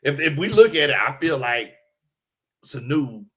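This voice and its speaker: A man's voice: mid-range voice, sing-song, measured pace. A man co-hosting a casual sports talk stream, easygoing and agreeable, addressing the live chat with some stammering. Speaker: co-host.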